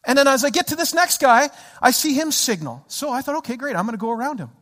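A man preaching a sermon, telling a story with lively animation and acting out his own frustrated shouts. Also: extremely high pitch, fast talker. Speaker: pastor. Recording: church hall reverb.

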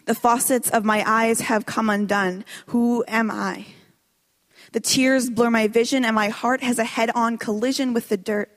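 Slow, dramatic spoken word woman in a hall. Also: a little high, steady tone. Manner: slow, dramatic, intense delivery. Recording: long hall reverb.

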